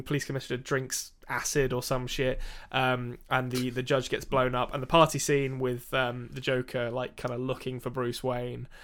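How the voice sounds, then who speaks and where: A man co-hosting a casual film podcast. His voice sits at a middle pitch. He talks freely, laughs easily and stumbles over his own restarts. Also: fairly bright tone. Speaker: podcast co-host. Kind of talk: casual chat.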